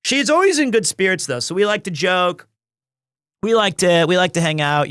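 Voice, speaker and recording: Man in his thirties, high voice, dry close sound, rambling jokey streamer chat. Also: lively intonation, normal speed, fairly bright tone, clean tone, dry recording. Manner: rambling, self-interrupting, chuckles often; jokey and teasing. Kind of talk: casual live-stream chat.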